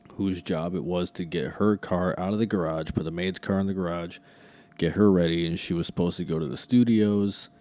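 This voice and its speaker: A man's voice: deep voice, a little mellow. A man hosting a true crime podcast in casual, rambling chat, swearing freely and drifting into asides, recorded at home. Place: at home, room with a heater.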